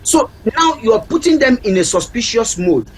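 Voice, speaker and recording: Nigerian male counselor, TV talk-show guest; high, slightly husky voice; emphatic, teacherly, repeats key lines. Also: big pitch swings, moderate pace, poor audio.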